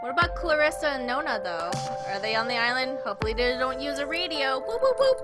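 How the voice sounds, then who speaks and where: A young woman chats casually while streaming a game from home. Her voice is very high, and she drifts into playful, cooing baby talk to a pet dog. Loud game music plays behind her. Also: sing-song, fast.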